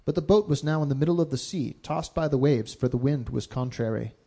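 Male scripture reader, dark mellow tone, steady measured delivery, Bible reading aloud. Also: medium pitch, gravelly.

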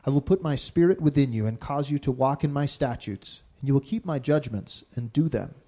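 A man reading Bible passages aloud in a steady, measured way during a sermon. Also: mid-range voice. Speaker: scripture reader.

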